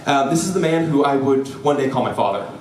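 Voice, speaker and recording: A young man telling a personal story live before an audience, lively and joking, with frequent "right?" asides to the crowd. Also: mid-range voice, fast talker. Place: event hall before an audience. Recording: roomy hall, voice from a distance.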